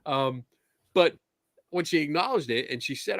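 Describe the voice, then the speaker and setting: A man's voice: fairly high pitch, animated, moderate pace, long pauses, fairly bright tone, dry recording, studio quality. A man hosting a podcast, chatting casually and telling stories, acting out quoted exchanges along the way. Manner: easygoing storyteller, acts out quoted exchanges. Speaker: podcast host. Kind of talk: casual conversational chat.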